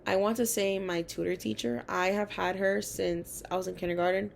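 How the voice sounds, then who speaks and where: A woman's voice: medium pitch, moderate pace, vocal fry, a little hiss or hum. A young adult woman and college student telling personal school stories in a chatty way, full of fillers. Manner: chatty, many fillers, animated quoting of others. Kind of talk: casual personal storytelling.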